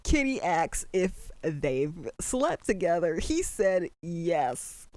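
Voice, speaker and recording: A reaction commentator at home at night, talking in animated, disbelieving exclamations while trying to keep the voice down. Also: medium pitch, slow pace, no echo. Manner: holding the voice down at night. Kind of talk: excited first-watch reaction commentary.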